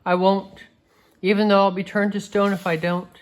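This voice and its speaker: A woman's voice: mid-range voice, flat delivery, moderate pace, natural voice. A woman reading a storybook aloud, voicing a tearful, remorseful male faun. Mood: pleading. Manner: pleading, tearful.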